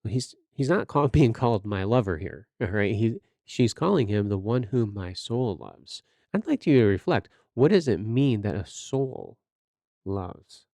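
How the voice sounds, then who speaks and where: A man with a low, mellow voice teaches scripture in a sermon-like way on a podcast. He exhorts his listeners directly and keeps asking rhetorical questions. The sound is dry and close. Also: very animated, normal speed, gravelly, no room sound.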